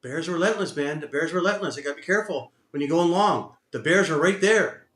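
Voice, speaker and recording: A man with a Texan accent streaming his day trading live, berating himself and cursing, swinging between loud outbursts and low muttering. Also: fast talker. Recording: echoey room sound.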